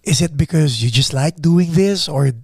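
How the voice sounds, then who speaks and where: A man's voice: fairly high pitch, normal speed, breathy edge, dry recording, clean studio sound. A man hosting a podcast, asking eager, fan-like questions in a casual interview. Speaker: podcast host.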